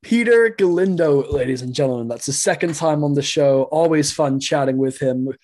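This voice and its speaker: A man's voice: a little high, moderate pace, darkish tone, faint music behind. Chatty chuckling man from England. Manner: rambling, chuckling, lots of fillers. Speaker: podcast co-host. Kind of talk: casual soccer podcast chat. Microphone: video call.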